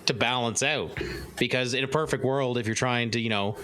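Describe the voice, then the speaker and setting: Bright-voiced man in podcast chat. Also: medium pitch, steady tone, fairly quick, slight background noise. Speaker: podcast co-host. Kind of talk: casual chat.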